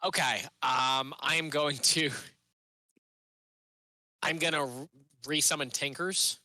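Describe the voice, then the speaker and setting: A man's voice: fairly high pitch, fairly even intonation, slow pace, pauses often, pushed and bright, dry recording. A man playing a tabletop game, speaking hesitantly and apologetically. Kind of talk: casual play.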